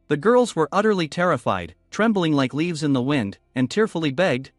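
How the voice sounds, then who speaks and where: A man's voice: a little high, moderate pace, few pauses, no room sound, clean studio sound, soft background music. A man narrating a comic recap in a scripted voice, reading every character himself. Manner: reads all characters in one steady narrating voice.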